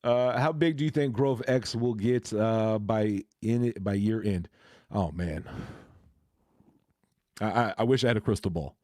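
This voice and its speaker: A man's voice: on the low side, a little slow, a little mellow, no echo, studio quality. A man chatting casually on a crypto livestream, hesitant and full of fillers and restarts.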